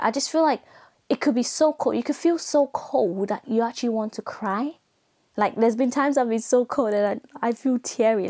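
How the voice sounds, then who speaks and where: A woman's voice: mid-range voice, darkish tone. A young woman from Nigeria hosting a solo podcast, talking in a chatty, rambling way full of fillers and self-corrections. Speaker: podcast host. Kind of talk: casual solo podcast monologue.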